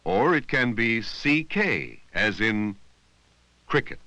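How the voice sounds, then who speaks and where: Slow, bright-voiced man narrating a reading lesson. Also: fairly low pitch, very animated, a little hiss or hum, low-quality recording. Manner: slow, deliberate, drawing out words to teach sounds. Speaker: narrator of an educational film. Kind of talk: scripted instructional narration. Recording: dry, close voice-over from an old 16mm film.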